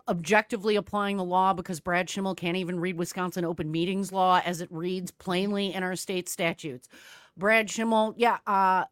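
A woman hosting a radio talk show, brisk and direct, speaking to her listeners as folks. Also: medium pitch, a bit bright, dry recording, studio quality.

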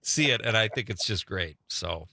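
A man's voice: on the low side, animated, normal speed, gravelly, sharp tone, dry recording, clean studio sound. A middle-aged man hosting a show, chatting casually and laughing easily with his guest. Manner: easygoing, laughs often. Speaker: radio show host. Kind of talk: casual chat.

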